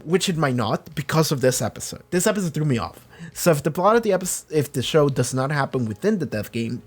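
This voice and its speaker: A man hosting a reaction channel, rambling through casual commentary with many restarts and acting out quotes. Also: on the high side. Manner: acts out quoted characters.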